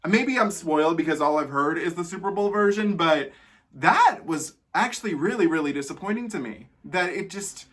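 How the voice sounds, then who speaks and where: A man hosting a casual music reaction, talking animatedly and breaking into sudden high exclamations. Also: very animated, normal speed, a bit bright.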